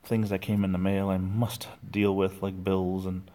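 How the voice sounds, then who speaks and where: Casting: man, fairly low voice, easygoing livestream host, rambling chat with viewers. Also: level tone, a little slow, mellow. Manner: rambling, chatty, reads chat comments aloud. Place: at home.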